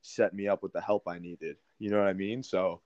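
A young man with a fairly low voice tells a story to a podcast host, swearing freely and filling pauses with "like". The recording is dry and somewhat dull. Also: fairly even intonation, darkish tone, no echo. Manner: profane, many fillers. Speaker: podcast guest. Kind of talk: casual storytelling. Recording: dry, slightly dull sound.

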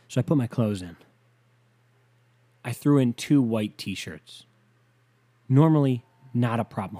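A man hosting a podcast, ranting casually and profanely, sighing often and swinging between loud outbursts and low muttering. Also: expressive, slow pace, long pauses. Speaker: podcast host.

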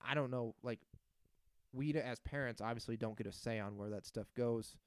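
A man's voice: medium pitch, normal speed, smooth, no echo, clean studio sound. A man in his thirties hosting a solo podcast, ranting in a sarcastic, crude, casual way. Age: 30s. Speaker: podcast host.

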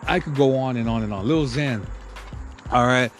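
A man's voice: medium pitch, normal speed, faint music behind. A man hosting a podcast, ranting crudely and heatedly in a rambling monologue full of filler and profanity. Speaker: podcast host.

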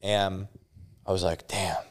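Deep-voiced young man telling a candid story. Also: little pitch movement, takes it slowly. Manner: candid, swears freely, many restarts. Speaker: podcast guest. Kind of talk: casual storytelling.

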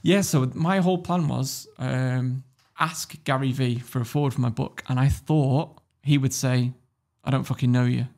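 Gravelly, blunt man. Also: mid-range voice, fairly even intonation, measured pace, hardly any pauses, a little mellow. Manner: blunt, swears freely, laughs through stories. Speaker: guest entrepreneur. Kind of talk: casual storytelling.

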